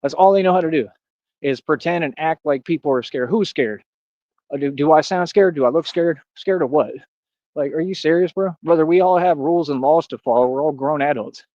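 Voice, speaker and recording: A young man from Austin, livestreaming a boastful, taunting rant full of street slang and repeated catchphrases. His voice sits on the higher side for a man. The recording is dry and close, with no room sound. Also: brisk, darkish tone, no room sound, lo-fi sound. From Austin, Texas. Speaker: streamer. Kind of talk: live stream monologue.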